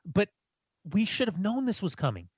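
An American man co-hosting a casual football podcast, relaxed and explanatory. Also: high-pitched, moderate pace, husky, dry recording, muffled recording. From United States. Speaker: podcast co-host.

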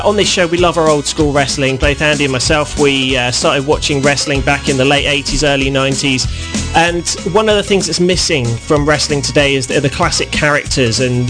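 A man hosting a wrestling radio show, upbeat and full of fillers as he interviews a guest. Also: a little high. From United Kingdom. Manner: upbeat, many uh and you know fillers.

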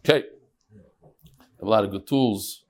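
A middle-aged man teaching a daily Talmud class with lively storytelling and quick asides. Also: fairly low pitch. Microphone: on Zoom.

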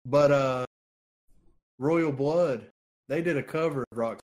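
A man chatting casually about music, relaxed and profane, often laughing. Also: medium pitch, a little slow. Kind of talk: casual chat.

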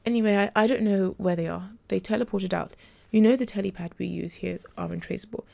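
A woman voicing a guarded, defensive female advisor in a read-aloud story, with a gravelly, mellow voice. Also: medium pitch, fast. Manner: defensive, strained. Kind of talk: audiobook character reading.

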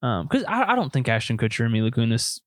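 A man's voice: medium pitch, very animated, fast, no room sound, clean studio sound. A man chatting on a podcast, telling rambling jokey stories. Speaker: podcast co-host. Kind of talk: casual chat.

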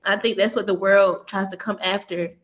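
A woman co-host speaks from the heart in a casual podcast chat, and she often says "like" and "um." Her voice is middle-pitched. The recording sounds a little dull and lo-fi. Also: level tone, moderate pace, a bit bright. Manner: heartfelt, emotional, many fillers like "like" and "um". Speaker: podcast co-host, former teacher.

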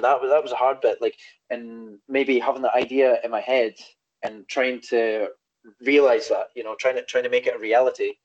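A man's voice: mid-range voice, level tone, moderate pace, highs cut off. A man in casual chat, talking in a hesitant, reflective way.

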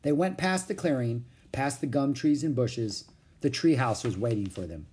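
An audiobook narrator reading a children's book aloud in an expressive storytelling way. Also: mid-range voice, normal speed, breathy edge.

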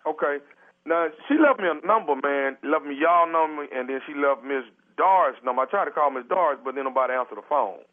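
A man's voice: fairly high pitch, a little fast, lightly acted. A man doing a stammering stranded house sitter on a tinny phone line. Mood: sheepish. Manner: stammering, hesitant, pleading. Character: sheepish man stuck without toilet paper. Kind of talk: prank phone call.

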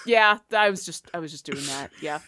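A woman talking casually as a podcast co-host and game master, chatty and animated with quick asides. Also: deep voice. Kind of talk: casual chat.

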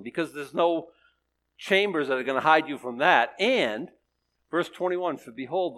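A man's voice: fairly high pitch, a bit bright. A man preaching a sermon in a conversational, sarcastic style, mixing scripture reading with jokes. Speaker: pastor.

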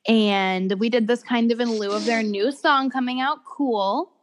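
A woman's voice: on the high side, a little slow. A young woman co-hosting a podcast, enthusiastic and slangy in casual celebrity chat. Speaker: podcast co-host.

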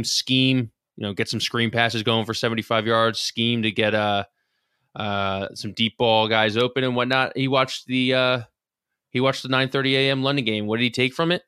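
A man co-hosting a casual sports betting podcast, loose and excitable, swearing freely. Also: medium pitch, clear, resonant tone, no room sound, studio quality. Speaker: podcast co-host.

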